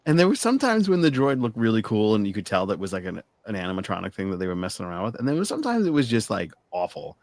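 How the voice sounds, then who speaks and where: A man co-hosting a casual chat, laughing often and telling things in an animated way. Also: lowish voice, quick pace, hardly any pauses, dry recording. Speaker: podcast co-host.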